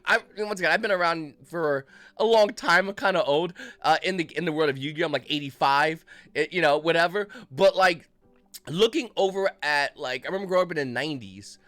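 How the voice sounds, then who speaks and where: A man in his thirties with a fairly high voice rants casually to camera, rambling, profane and mocking. The sound is close and dry with no room echo. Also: a little fast, a bit bright, faint music behind. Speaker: card game channel host.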